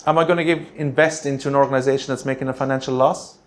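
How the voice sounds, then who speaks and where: A man presenting a grant writing workshop, punchy and energetic, checking in with the room with quick rhetorical questions. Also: medium pitch. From Australia.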